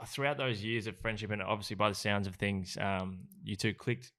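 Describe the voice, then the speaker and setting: A male podcast host with a low, gravelly voice puts a long, wandering question to his guest. He searches for his words as he goes. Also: moderate pace, fairly bright tone. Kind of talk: interview questions.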